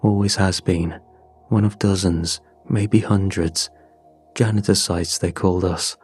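A man voicing a weary older clinic veteran who speaks in a flat, worn-out, grave way. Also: low voice, a little slow, breathy edge, faint music behind. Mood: grim.

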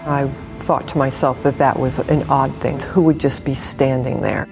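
Woman, very deep, flat, a bit gravelly, calm interview recollection, soft music behind. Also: moderate pace. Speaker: witness, nurse. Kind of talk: recounting in interview.

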